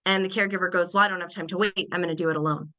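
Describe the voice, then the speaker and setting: A young adult woman presenting a webinar lecture on behavior, animated and acting out little everyday scenes in changed voices. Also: on the low side, very fast, poor audio.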